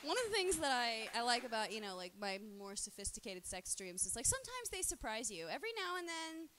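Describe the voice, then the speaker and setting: A woman's voice: fairly high pitch, very animated, a little fast, bright, forceful tone, slight background noise. A woman streaming live, talking in a casual, rambling monologue full of swearing and fillers. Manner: crude, profane, rambling with many fillers.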